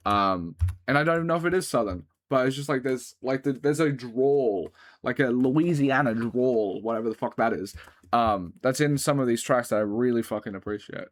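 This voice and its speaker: An Australian man hosting a music reaction, talking casually in a rambling way with lots of filler words and casual swearing. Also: mid-range voice. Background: album music playing faintly.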